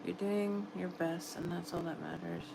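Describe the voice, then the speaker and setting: A woman's voice: lowish voice, steady tone, normal speed, creaky, background noise. A middle-aged woman with a New York accent, chatting casually and encouragingly with viewers on a late-night livestream. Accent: American, New York. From New York area, US. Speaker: livestream host. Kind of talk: casual live chat reading comments. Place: home at night, quiet room.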